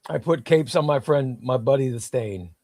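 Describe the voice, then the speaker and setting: A man's voice: medium pitch, normal speed, a little mellow, no echo, studio quality. A man hosting a casual comics livestream, reading viewer comments in an enthusiastic, rambling way.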